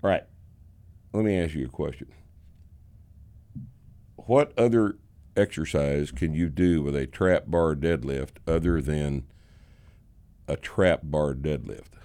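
A man's voice: a bass voice, slow pace, pauses often, warm tone. A man hosting a podcast, sardonic and profane, mocking critics in casual banter. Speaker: podcast host.

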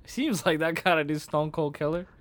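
A man's voice: a little high, normal speed, dry recording. A young man co-hosting a podcast in casual, slangy chat, laughing often and swearing freely. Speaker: podcast co-host.

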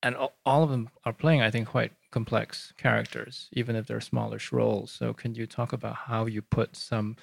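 A man moderating a festival panel, asking rushed, rambling questions. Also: medium pitch, level tone, gravelly.

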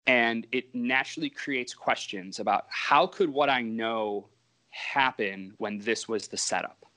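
A man's voice: mid-range voice, a little slow, pushed and bright. A comic book writer, a man, telling stories in a casual interview and rambling and interrupting himself as he talks.

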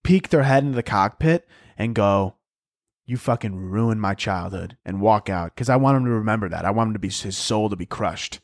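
A man's voice: on the low side, lively intonation, brisk, no echo, clean studio sound. A man hosting a solo comedy podcast, ranting in a profane, exasperated, mock-outraged way. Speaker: podcast host.

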